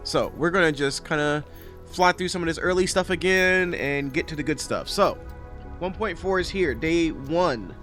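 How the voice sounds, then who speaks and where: A man's voice: on the high side, moderate pace, a bit bright, soft background music. A man giving casual, rambling commentary over his factory-building game, correcting himself often as he talks. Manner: rambling, self-correcting, chatty. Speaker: game streamer.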